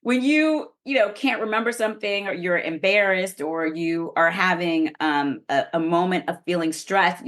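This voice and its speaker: A middle-aged woman, a guest expert on a podcast, explaining earnestly and sharing personal stories in a relaxed interview. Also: sits low.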